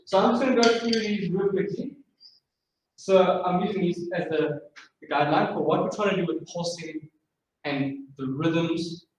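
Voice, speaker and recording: A male drumming instructor with a high voice teaches a live masterclass at normal speed, encouraging students and singing out rhythms with vocables. The mic is far off in a very echoey room, with faint background noise.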